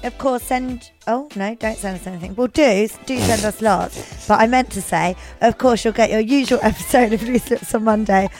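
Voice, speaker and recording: A woman's voice: fairly high pitch, normal speed, few pauses, darkish tone, soft background music. Chatty woman co-hosting a podcast. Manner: chatty, swears, laughs a lot. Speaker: podcast co-host. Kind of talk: casual chat, reading listener messages.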